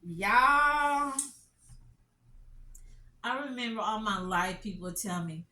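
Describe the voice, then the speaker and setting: A woman's voice: a little high, expressive, bright, forceful tone. A middle-aged woman doing casual commentary, reading lines aloud and reacting with dramatic disbelief. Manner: dramatic, incredulous reactions, slow emphatic reading. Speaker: commentary channel host. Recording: echoey room, voice from a distance.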